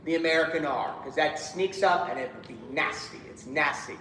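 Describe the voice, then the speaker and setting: A man's voice: a little high, moderate pace, fairly bright tone, roomy sound, big-room sound, slight background noise. A man directing a choir rehearsal, giving instructions and singing lines himself to show how they should go. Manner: demonstrates lines by singing, counts in.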